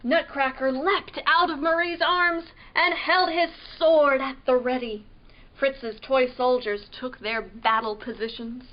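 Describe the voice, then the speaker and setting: Slow, high-voiced woman reading to children. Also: muffled recording. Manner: slow, expressive, with questions to listening children. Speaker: librarian reading a story.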